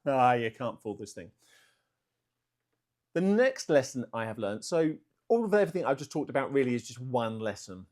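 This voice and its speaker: A man talking unscripted to camera for his art channel vlog. He speaks in a self-aware way and works on slow, deliberate delivery, though fillers still slip in. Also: medium pitch, big pitch swings, a little mellow. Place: indoors, room at home.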